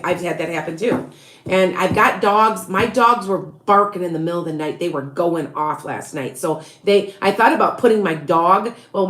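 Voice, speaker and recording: A woman's voice: lowish voice, reverberant. A middle-aged woman hosting a casual livestream from her rural home, rambling and frustrated, sighing often and restarting her sentences. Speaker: livestream host.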